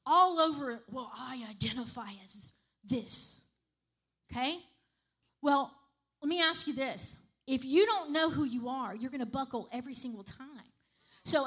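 A woman's voice: high voice, a bit bright. A woman preaching a sermon in a conversational way, often checking in with the congregation. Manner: conversational, repeats "right?" and "okay?" to the congregation.

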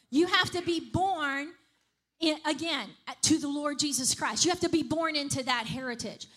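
Brief: woman preacher, high voice, chatty sermon delivery that keeps asking "right?". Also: a bit bright. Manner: conversational, repeats "right?" and "okay?" to the congregation.

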